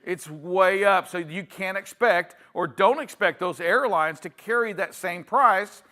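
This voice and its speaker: A man hosting a live trucking show, chatty and energetic, who keeps tossing to his co-host by name. His voice runs high for a man, with a ringing, vivid edge. The banter is delivered fast and upbeat from the studio.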